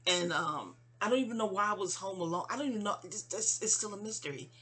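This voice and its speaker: A middle-aged New York vlogger speaks fast in a medium-pitched, fairly bright, slightly rough voice. Her candid personal monologue to her mother rambles and digresses, with stumbling restarts along the way.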